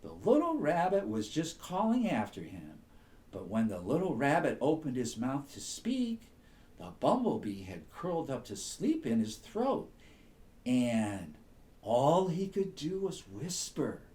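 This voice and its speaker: Man reading a slow bedtime story. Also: mid-range voice. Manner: soothing, slow and very expressive.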